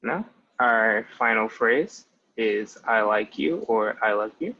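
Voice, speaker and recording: With a little hiss or hum over muffled lo-fi audio, a twentysomething male language tutor gives a casual spoken lesson. His voice is on the low side, slow-paced and lively in intonation, and he explains step by step, often beginning with "so" and "basically."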